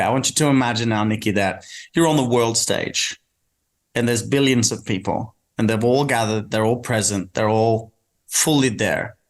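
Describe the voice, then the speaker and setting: A man hosting an interview, warmly encouraging his guest and guiding reflective pauses. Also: fairly low pitch. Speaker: podcast host.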